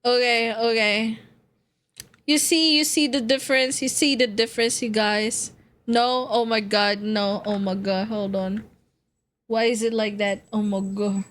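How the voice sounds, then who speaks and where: Woman, VTuber streamer, casual stream chat, a bit high-pitched, unhurried pace, giggly, swears, repeats herself. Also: steady tone, a bit bright, a little hiss or hum. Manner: talks to chat and friends while setting up a game.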